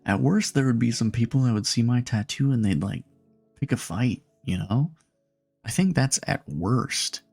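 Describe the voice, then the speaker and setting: Young male streamer, Nebraskan, husky and gravelly, animated pitch, joking banter. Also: moderate pace, dry recording, faint music behind. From Nebraska, USA. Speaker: live streamer. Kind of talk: casual live-stream chat.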